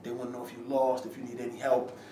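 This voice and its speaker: A rapper tells a story after an interview, his mid-range voice monotone and quick as he slips into slang, acts out what people said and swears. The handheld-camera footage is shot in a room with echoey, distant sound and faint background noise.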